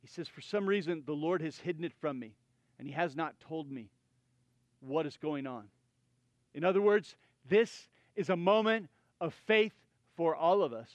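A male pastor preaching a sermon, animated and conversational, with chatty asides to the congregation. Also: a little high, moderate pace, no room sound.

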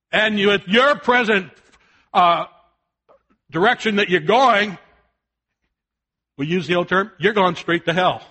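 An older man preaching a sermon, telling a folksy family story and swinging from loud shouted warnings to soft, quiet appeals. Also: high-pitched, a little slow, pauses often.

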